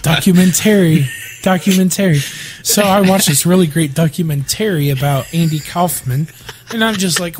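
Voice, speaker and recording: A man co-hosting a casual podcast chat, telling stories in a profane, animated way with mocking impressions of others. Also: high-pitched, moderate pace, a little hiss or hum. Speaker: podcast co-host.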